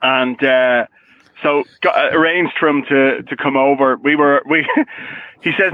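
A man's voice: medium pitch, fairly even intonation, normal speed, dry recording, dull audio. A man telling a rambling, sweary story in casual podcast chat, often tagging "right?". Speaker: podcast co-host.

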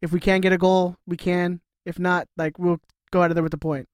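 A man with a notably high voice chats through a casual sports podcast, leaning on fillers and laughing easily. The sound is dry and close, with no echo at all. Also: little pitch movement, fairly quick, clear, resonant tone. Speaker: podcast co-host.

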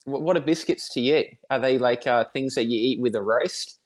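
An Australian man chatting as a guest in a casual interview. His voice sits at an ordinary middle pitch, and he talks in a rambling, friendly way with frequent chuckles. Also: normal speed.

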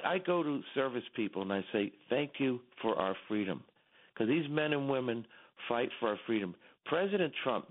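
Impassioned man on a tinny phone line. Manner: emphatic, repetitive, rising in pitch when stirred. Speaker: company executive, radio guest. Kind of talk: impassioned call-in commentary. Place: home in Texas.

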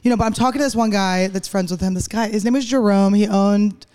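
A young woman from Philadelphia, a stand-up comedian, telling joking stories in a quick, laughing, casual podcast chat. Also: medium pitch, fairly even intonation, a little mellow, clean tone. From Philadelphia, USA. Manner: rapid, joking storytelling with frequent laughs.

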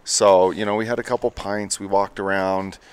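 Male podcast host, very low voice, easygoing rambling storyteller. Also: flat delivery, normal speed, a crowd in the background. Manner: laid-back, rambling storyteller. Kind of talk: casual chat.

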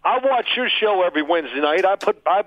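A man's voice: sits high, animated, quick pace, dry recording. Older man rambling over a tinny line. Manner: rambling storyteller. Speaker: guest, father of co-host. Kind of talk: casual podcast chat. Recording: tinny phone-line sound.

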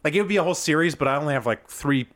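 Man, podcast co-host, casual chat, lively swooping pitch, slightly high voice, laughs a lot. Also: racing. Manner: animated, laughing, pitching ideas.

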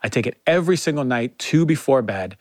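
A man's voice: medium pitch, lively intonation, brisk, dry recording. A man with a mid-range voice hosts a health show, nodding along with repeated "right, right" and tag questions. He is recorded close and dry. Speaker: podcast host, doctor. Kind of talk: interview and read ad.

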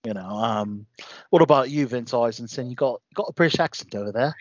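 A man's voice: medium pitch, a little fast, no echo. A man hosting a casual movie news chat, talking loosely with lots of fillers and asides. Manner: chatty, many fillers and "you know". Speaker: host. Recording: dull lo-fi sound.

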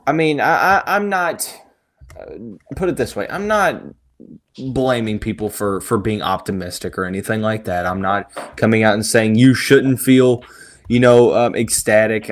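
A man hosting a casual sports podcast, reassuring and halting as he talks, often repeating words. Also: mid-range voice. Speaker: podcast host.

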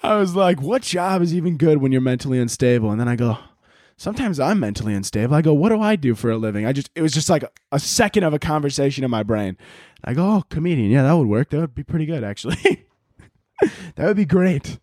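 A man's voice: a little high, animated, fast, a little mellow, no room sound, studio quality. A young man hosting his own podcast as a comedian, ranting casually and swearing as he drifts off on tangents. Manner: profane, rambling, goes off on tangents. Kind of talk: casual solo podcast rant.

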